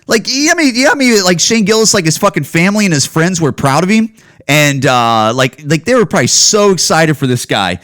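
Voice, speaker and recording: A man's voice: sits high, big pitch swings, quick pace, fairly bright tone, dry recording, studio quality. A man hosting a podcast from home, ranting solo in a loose, profane, run-on way. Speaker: podcast host. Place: at home, indoors.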